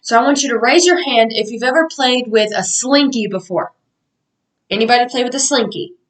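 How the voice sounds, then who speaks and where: A woman's voice: a little high, a little fast, far from the mic, poor audio. A young woman giving a mock lesson to a class of children in an upbeat, sing-song teacher voice.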